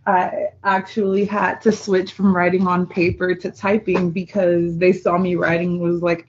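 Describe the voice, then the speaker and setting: A woman on a video call who reads her own poetry and talks about it, in an unhurried, reflective way with casual fillers. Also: mid-range voice, darkish tone, dull audio. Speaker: guest poet.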